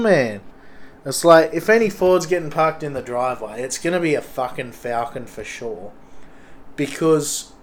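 A young Australian man with an Australian accent, rambling casually and swearing constantly in a loose monologue. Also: mid-range voice. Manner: sweary, rambling, blokey slang.

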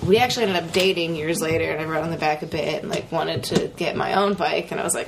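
A woman's voice: deep voice, fast talker, vocal fry, few pauses, noisy background. A young woman guest telling stories in casual chat, laid-back and giggly, swearing casually. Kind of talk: casual storytelling.

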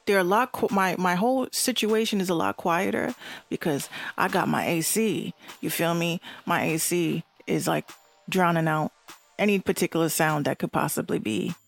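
A woman's voice: on the low side, moderate pace, creaky, faint music behind. A woman with a Bronx accent hosting an online radio show, ranting bluntly and profanely in casual talk.

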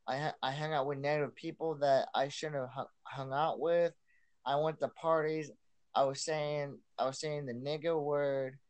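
A man's voice: on the high side, fairly even intonation, normal speed, smooth. A young man sharing his personal testimony as a podcast guest, earnest and repeating himself, restarting lines as he goes.

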